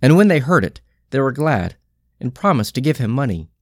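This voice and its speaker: Man in a measured scripture reading. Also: mid-range voice, very animated, dry recording, studio quality. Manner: slow, phrase-by-phrase liturgical delivery. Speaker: scripture reader.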